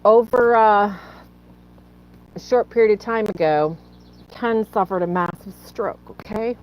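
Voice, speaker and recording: A woman's voice: medium pitch, fairly even intonation, measured pace, highs cut off. A woman hosting a faith live stream, tearful and fighting back tears as she earnestly pleads with viewers and greets them by name. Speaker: livestream host.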